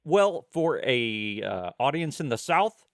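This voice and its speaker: A man's voice: mid-range voice, big pitch swings, dry recording, clean studio sound. A man co-hosting a podcast in casual chat, jokey and teasing. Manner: jokey, playful, quick to tease. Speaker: podcast co-host.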